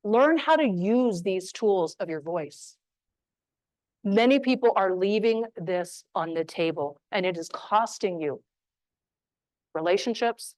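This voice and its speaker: A woman from New Mexico giving a motivational talk on voice skills to a live audience, emphatic and punchy with deliberate pauses. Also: mid-range voice, darkish tone, dry recording, poor audio. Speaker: speaker on voice skills. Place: room with an audience.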